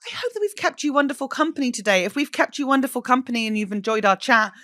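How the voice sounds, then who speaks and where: A woman's voice: high voice, animated, quick pace, sharp tone. A woman hosting a podcast in casual chat, swearing freely and laughing at herself. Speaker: podcast host.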